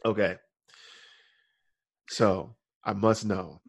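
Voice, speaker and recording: Casting: man, lowish voice, loose podcast co-host who laughs a lot and restarts thoughts. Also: steady tone, very slow, vocal fry, slightly rough, no room sound. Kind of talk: casual chat.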